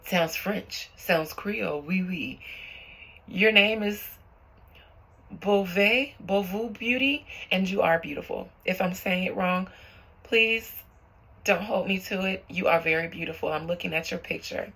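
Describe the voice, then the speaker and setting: Slow, gravelly-voiced woman chatting to viewers. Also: lowish voice, sharp tone. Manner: chatty, affectionate, calls viewers boo and y'all. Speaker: tarot reader and channel host. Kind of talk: casual chat to viewers, reading out comments.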